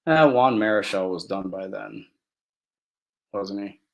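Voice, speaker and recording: A man with a fairly low voice co-hosting a casual talk show. He is hesitant and often restarts his sentences, but he keeps a jokey, teasing tone. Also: a little slow, vocal fry. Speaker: podcast co-host. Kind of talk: casual chat.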